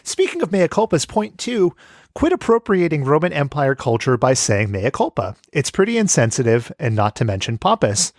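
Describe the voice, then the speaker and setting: A man's voice: fairly high pitch, normal speed, dry recording, studio quality. A man hosting a casual podcast, joking around and reading listener mail aloud. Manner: jokey, animated, reads letters aloud. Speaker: podcast host.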